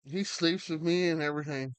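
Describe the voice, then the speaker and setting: A man's voice: a little high, brisk, smooth, dry recording. Rambling man chatting on a stream. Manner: rambling, talks to chat and his dog. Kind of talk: casual live-stream chat. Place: home, dog beside him.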